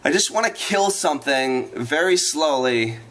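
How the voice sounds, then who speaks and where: A man's voice: a little high, expressive, measured pace, fairly bright tone. A man ranting to his viewers in a vlog, rambling and exasperated, repeating himself as he vents. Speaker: vlogger.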